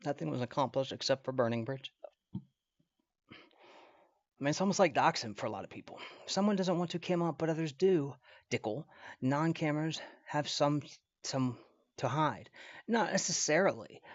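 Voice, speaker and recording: A man's voice: a little high, lively intonation, moderate pace, pauses often, no echo. Profane rambling man on a dull desk mic. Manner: profane, rambling, trash-talking. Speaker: streamer. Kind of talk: casual live-stream reaction. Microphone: computer mic at desk.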